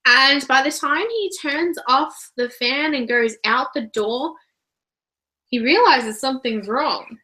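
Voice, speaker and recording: An Australian woman talks over a book in an unhurried, drawn-out way. Her voice sits a little high and sounds bright and crisp. She's chatty and giggles easily. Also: low-quality recording. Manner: chatty, giggly, animated retelling. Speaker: book reviewer, channel host. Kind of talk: casual book discussion.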